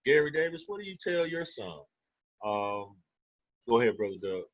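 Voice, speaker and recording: A man's voice: medium pitch, very animated, normal speed, highs cut off. A man moderating a panel discussion who addresses each guest as brother and answers with short affirmations.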